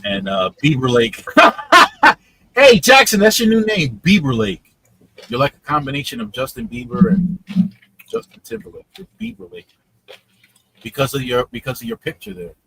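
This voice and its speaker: A man hosting a casual live stream, chatting with viewers in an animated way, laughing often and repeating his words. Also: a little high, normal speed, creaky, long pauses, slight background noise. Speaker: livestream host.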